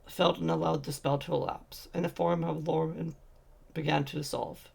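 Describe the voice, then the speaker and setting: Male narrator, fan audiobook, gravelly, husky, fairly high voice. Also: normal speed. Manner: steady reading with occasional slips and restarts.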